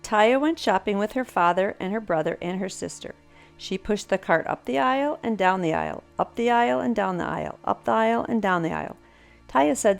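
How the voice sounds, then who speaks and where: An older woman narrating a children's storybook aloud in an animated, expressive way. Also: medium pitch, normal speed, creaky, soft background music.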